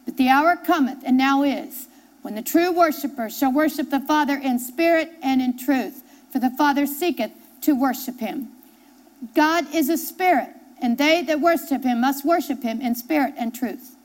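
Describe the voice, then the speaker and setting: A woman pastor with a high-pitched voice preaches at a moderate pace, reading scripture aloud. She is emphatic, repeating key phrases and asking the congregation questions to drive her points home.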